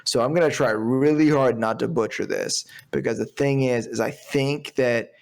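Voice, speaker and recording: A man co-hosting a casual movie podcast, with a mid-pitched voice that is heavy with gravelly fry. He rambles through his points with plenty of fillers and some swearing. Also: moderate pace. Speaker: podcast co-host. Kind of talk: casual movie review chat.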